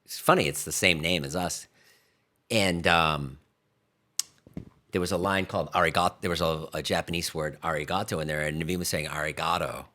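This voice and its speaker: A man co-hosting a podcast, chatting in a playful, jokey way with loud bursts. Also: low-pitched, fairly even intonation, brisk. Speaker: podcast co-host. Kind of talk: casual chat.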